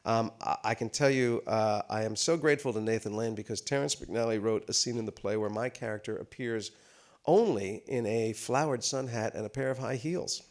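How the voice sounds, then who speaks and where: A man's voice: mid-range voice, normal speed. A man in his fifties, a guest actor on stage at a live talk, telling comic anecdotes full of fillers and restarts. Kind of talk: storytelling on stage. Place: theater stage before a live audience.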